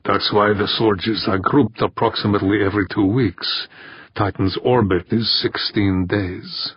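A man voicing a gruff, tired Russian maintenance chief who growls in a heavy, low voice. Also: big pitch swings, a little slow, no room sound, muffled recording.

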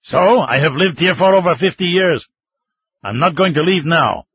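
A man voicing a stubborn old Russian hunter and war veteran who refuses to leave his land, speaking gruffly in a raised voice. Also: on the high side, animated, moderate pace, no room sound. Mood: defiant. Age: older. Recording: dull, slightly muffled audiobook sound.

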